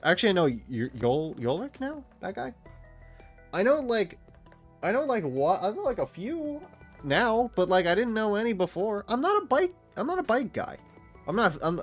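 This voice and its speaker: A man in his late twenties, a streamer rambling and swearing through casual gaming chat. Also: mid-range voice. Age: late 20s. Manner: rambling, profane, animated storytelling.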